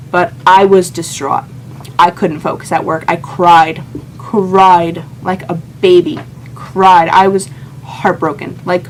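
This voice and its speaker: A woman's voice: lowish voice, a little hiss or hum. A young woman telling a heartfelt personal story in a vlog, earnest and emotional, often quoting her own thoughts. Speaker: vlogger.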